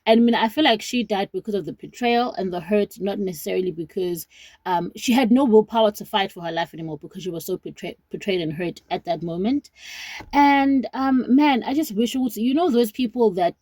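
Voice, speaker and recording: A woman's voice: medium pitch, expressive, fairly quick, mellow, no room sound. South African woman, late twenties, casual vlog commentary, mid voice, dry close sound. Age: 20s. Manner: earnest, rambling with restarts, Zulu words mixed in. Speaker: vlogger.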